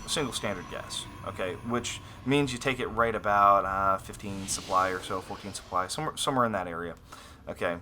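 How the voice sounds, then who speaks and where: A man casting a strategy game replay on his own, excitable and thinking aloud, often repeating his phrases. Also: lowish voice, slight background noise. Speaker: game caster. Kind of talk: solo esports commentary over a replay.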